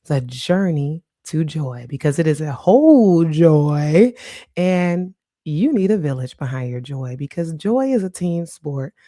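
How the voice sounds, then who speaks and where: A middle-aged woman hosts her own podcast in a relaxed solo chat, laughing often as she goes. Her voice sits low and mellow. The recording is dry and close, with no room sound. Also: dry recording. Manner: warm, chatty, laughs often. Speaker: podcast host. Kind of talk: casual solo podcast monologue.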